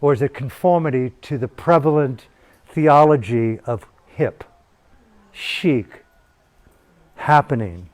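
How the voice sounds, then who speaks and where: A man's voice: mid-range voice, slow, pauses often, darkish tone. A man giving a profane, provocative dharma talk as a meditation teacher at a retreat. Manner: provocative, swearing, intense. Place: retreat hall in Bali.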